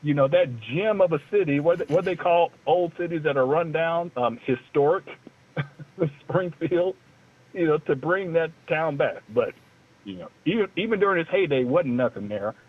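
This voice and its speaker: A man's voice: on the high side, lively intonation, normal speed, breathy edge. Man on a tinny phone line, chatty. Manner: rambling, loose and joking. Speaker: co-host. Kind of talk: casual talk-radio chat.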